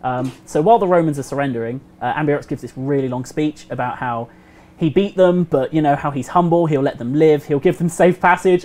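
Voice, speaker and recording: A man telling a history story casually on a game developer livestream, animated and acting out the quotes. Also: fairly high pitch, a little fast. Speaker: community host.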